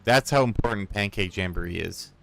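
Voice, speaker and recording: A low-voiced man chatting excitedly while gaming, with soft music behind. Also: brisk, gravelly. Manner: rambling, excitable, swears casually. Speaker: streamer and storyteller. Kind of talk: casual chat while playing a game.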